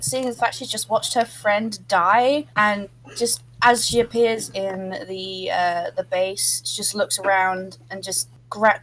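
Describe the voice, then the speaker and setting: A woman's voice: mid-range voice, fairly bright tone, slight background noise, rough recording. A woman playing a tabletop role-playing game, describing her character's actions casually and expressively. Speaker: player.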